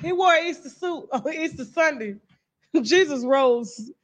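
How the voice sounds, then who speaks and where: A woman hosting casual reaction commentary, loud, animated and mocking, with emphatic repeats. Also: high-pitched, measured pace. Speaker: commentary host.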